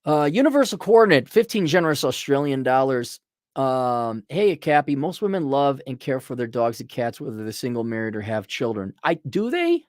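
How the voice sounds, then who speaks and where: A man hosting a casual livestream, reading viewer donations aloud and answering them in a blunt, sardonic way, often mocking people in a put-on high voice. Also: very animated, moderate pace, darkish tone, dry recording, studio quality.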